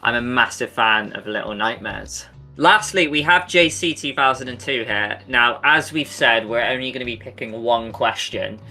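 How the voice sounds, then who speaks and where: A man's voice: medium pitch, normal speed, sharp tone, soft background music. A man co-hosting a podcast, chatty and enthusiastic, with casual swearing. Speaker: podcast co-host. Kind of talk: casual Q&A chat.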